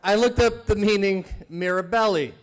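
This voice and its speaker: At a charity banquet, a man with a high voice performs a stand-up roast set before a live audience. Speaking at a normal speed, he chuckles through his jokes while teasing the guest of honor.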